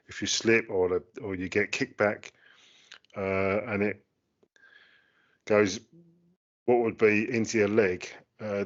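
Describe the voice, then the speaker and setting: Chatty British-slang man, low voice. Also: muffled recording. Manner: chatty, British slang, many fillers and restarts. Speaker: co-host. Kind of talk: casual chat.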